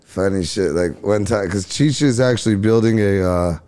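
A man's voice: fairly low pitch, moderate pace, warm tone. A man from Riverside, California, telling a road story in casual chat, laid-back and swearing freely while acting out other people's lines. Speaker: comedian guest.

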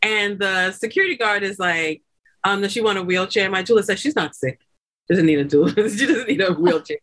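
A woman guest on a podcast, telling her own story in a chatty, laughing way and acting out the people she quotes with loud, high bursts. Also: fairly quick. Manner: chatty, laughing often, many fillers like "like" and "you know". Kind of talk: animated birth story told in casual chat.

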